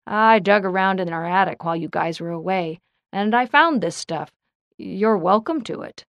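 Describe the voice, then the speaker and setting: A woman voicing a gruff, bossy teenage boy bully in a storybook reading, with a blunt, snapping manner. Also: mid-range voice, normal speed, no room sound, natural voice. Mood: sheepish.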